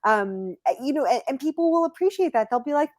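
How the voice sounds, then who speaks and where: A woman's voice: high-pitched, fast, no room sound, studio quality. A woman from the United States talking casually as a podcast guest, telling stories full of fillers. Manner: animated storytelling with many fillers. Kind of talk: casual conversation.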